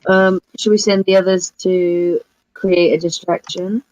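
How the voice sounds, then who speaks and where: Slow, tentative woman player. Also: lowish voice, little pitch movement, darkish tone, dry recording, muffled recording. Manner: slow, tentative, thinking aloud. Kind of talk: in-character tabletop chat.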